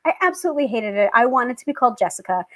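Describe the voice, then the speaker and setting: A woman hosting her own tarot show, chatting casually to viewers, animated and quick to laugh. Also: fairly high pitch. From family British. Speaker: tarot reader and show host.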